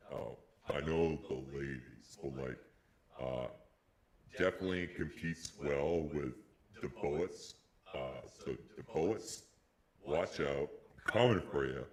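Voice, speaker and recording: A man talking through a pitch-lowering voice-changer preset, joking in a mock-seductive way. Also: darkish tone. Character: deep "male voice" preset of a mic voice changer.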